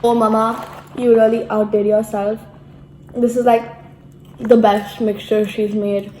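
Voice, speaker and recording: A young woman chats unhurriedly through an unboxing, leaning on "like" as she goes. Her voice sits a little high and carries the echo of a room at home. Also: a little mellow, a little hiss or hum. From India. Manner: chatty, lots of "like" fillers. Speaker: vlogger. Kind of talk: casual unboxing chat. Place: room at home, sitting at a table. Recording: echoey room.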